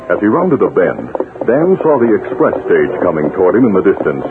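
A man's voice: sits low, big pitch swings. Man narrating an old radio serial. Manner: measured storytelling. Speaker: narrator and announcer. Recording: lo-fi old radio broadcast with hiss.

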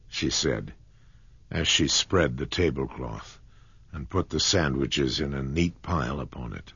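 Brief: low, husky male audiobook narrator, unhurried and dramatic, lo-fi. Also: a bit bright, no echo.

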